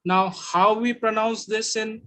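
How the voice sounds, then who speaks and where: A man with an Indian English accent teaching Mandarin sounds in an online class, repeating each sound slowly. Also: high-pitched, fairly even intonation, pushed and bright.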